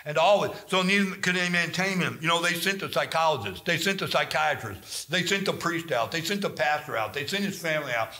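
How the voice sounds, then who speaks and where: A man leads a Bible study, wandering through anecdotes and acting out scripture scenes with animation. His voice is bright and forceful and sits a little higher than most men's. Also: echoey room. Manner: animated, rambling storytelling with dramatized scripture.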